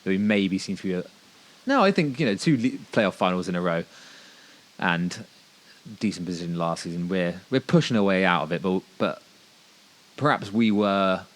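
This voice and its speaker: A man's voice: low voice, moderate pace. A man co-hosting a casual football podcast, hesitant and self-deprecating, often restarting his sentences. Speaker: podcast co-host.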